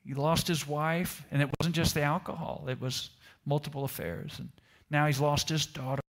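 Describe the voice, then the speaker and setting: A man's voice: fairly high pitch, little pitch movement, moderate pace. A male pastor preaching a sermon to a congregation in Italy. He tells a personal story and keeps asking the room rhetorical questions. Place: church service in Italy.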